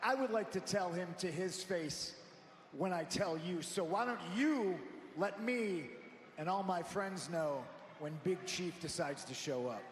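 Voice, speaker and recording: A man's voice: sits high, lively intonation, measured pace. A man giving a sardonic, cocky arena promo speech on a broadcast. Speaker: wrestler on broadcast. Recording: echoey hall broadcast audio.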